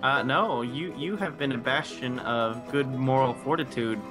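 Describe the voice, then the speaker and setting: A man co-commentating a game in casual chat, with dry, deadpan teasing. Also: medium pitch, measured pace, over music.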